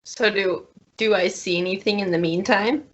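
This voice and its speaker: A woman's voice: mid-range voice, fairly even intonation, moderate pace, lo-fi sound. A woman playing a tabletop game, thinking aloud about her character's moves. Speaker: player.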